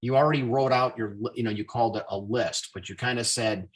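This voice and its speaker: A man hosting a business call, telling stories in a casual, animated way. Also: medium pitch, fast talker. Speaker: host.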